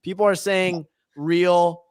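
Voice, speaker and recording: A man's voice: high-pitched, level tone, slow, smooth, no echo, clean studio sound. A man co-hosting a casual podcast, chatting, reading out comments and asking the guest questions. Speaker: podcast co-host.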